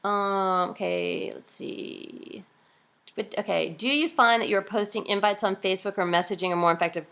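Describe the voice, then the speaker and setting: A woman's voice: mid-range voice, moderate pace, vocal fry, fairly bright tone. A woman coaching her team on a video call, chatty and upbeat, acting out cheerful quotes now and then.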